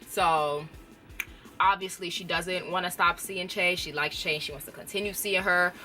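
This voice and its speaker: A woman's voice: fairly low pitch, sharp tone. A woman reviewer casually recapping a TV episode, chatty and often laughing. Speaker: TV show reviewer.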